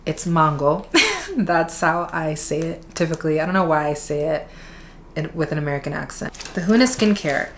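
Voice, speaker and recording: A woman with a notably low, deep voice chatting her way through an unboxing. She talks in a relaxed, candid way and drops in plenty of "like" fillers as she goes. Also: a little fast, slight background noise. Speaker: unboxing vlogger. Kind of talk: casual chat.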